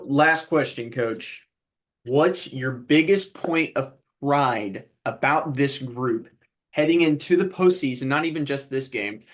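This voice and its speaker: A man who is a play-by-play announcer, hosting a radio interview with an upbeat manner and promo-style sign-offs. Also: mid-range voice. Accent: American Midwestern. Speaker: play-by-play announcer and show host.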